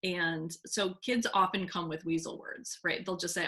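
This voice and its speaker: A woman who works as a speech language pathologist, talking casually and acting out quoted voices with bright pitch jumps. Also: fairly even intonation, moderate pace. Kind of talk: casual conversation.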